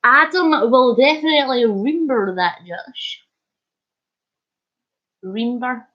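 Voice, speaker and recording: High-voiced jokey woman streamer. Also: animated, slow, lo-fi sound. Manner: chatty, jokey, punning, laughs often. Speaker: livestream host. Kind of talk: casual live chat reading comments.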